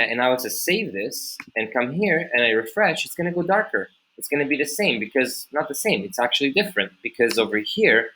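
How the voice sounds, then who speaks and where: A man's voice: mid-range voice, fairly bright tone, rough recording. A man hosting a screen-recorded coding tutorial, talking casually to viewers, thinking aloud with many fillers and restarts and asking rhetorical questions. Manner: talks straight to viewers, asks rhetorical questions.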